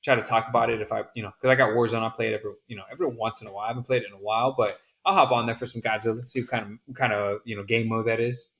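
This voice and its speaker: A man's voice: medium pitch, fairly even intonation, rapid-fire, vocal fry, hardly any pauses, fairly bright tone. A man co-hosting a podcast in casual chat, joking and swearing freely. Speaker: podcast co-host.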